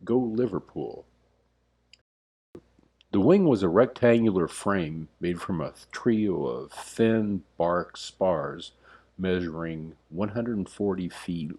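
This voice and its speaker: Slow, husky, low-voiced male narrator. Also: darkish tone. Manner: wry, dry asides. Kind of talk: scripted comedic history narration.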